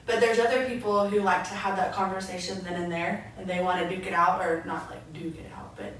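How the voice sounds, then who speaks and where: Brisk and on the low side, a young adult woman spins animated stories while co-hosting a podcast, casually chatting and quoting herself. The mic sits far off in an echoey room, with faint noise in the background.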